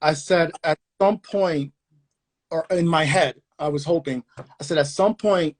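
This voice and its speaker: A man hosting a podcast, asking rambling questions in a playful, excitable way. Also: fairly high pitch, a little slow. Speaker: podcast host. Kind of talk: casual interview chat.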